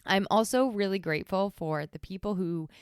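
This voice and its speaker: A woman's voice: mid-range voice, normal speed, smooth, no room sound. A woman hosting her own podcast, talking candidly and chattily, often close to tears. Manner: candid, chatty, heavy use of "like". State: teary, voice close to crying. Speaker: podcast host. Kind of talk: solo podcast monologue.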